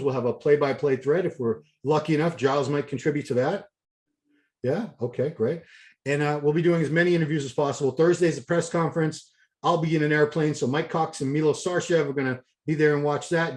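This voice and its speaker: A chatty male host talks in a fairly high voice, wandering through schedules and jokes. His delivery is loose and rambling, like a casual show wrap-up. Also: darkish tone.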